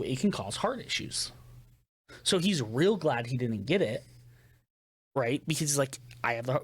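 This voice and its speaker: A man co-hosting a podcast, chatting casually and telling stories with quoted voices. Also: medium pitch. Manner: chatty storyteller, quotes people in put-on voices. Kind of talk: casual chat.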